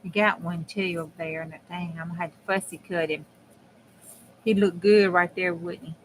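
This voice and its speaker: A woman's voice: fairly low pitch, fairly even intonation, moderate pace, a little hiss or hum, poor audio. A woman hosting a crafting video, chatting in a folksy, homespun way with herself and her viewers as she works. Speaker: crafting channel host. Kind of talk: casual chat while crafting.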